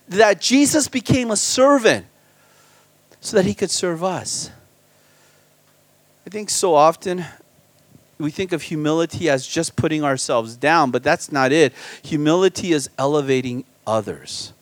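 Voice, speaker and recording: A man preaching as a guest pastor at a church retreat, animated, swinging between loud emphasis and quiet asides. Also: fairly high pitch, unhurried, dry recording. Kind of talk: sermon.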